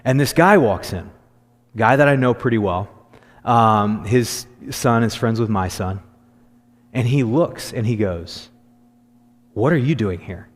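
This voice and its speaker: A man preaching a sermon as a pastor, telling stories in a conversational way that turns lively when he quotes others. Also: on the low side, unhurried, big-room sound. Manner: conversational storytelling, animated when quoting. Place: church sanctuary.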